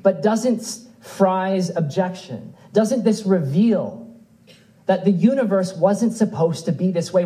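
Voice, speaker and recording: A man's voice: high voice, mellow, low-quality recording. A man preaching a sermon in a church, earnestly reading scripture aloud with rising and falling emphasis. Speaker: pastor.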